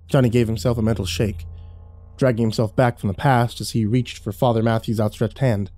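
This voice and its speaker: A man's voice: mid-range voice, steady tone, fairly quick, mellow, no echo, faint music behind. A man narrating a horror story with intensity that rises during action.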